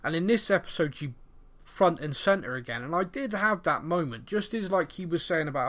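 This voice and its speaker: Animated man recapping a show. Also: fairly high pitch, brisk. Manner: animated, rambling, laughs often. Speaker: podcast co-host. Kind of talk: casual TV recap chat.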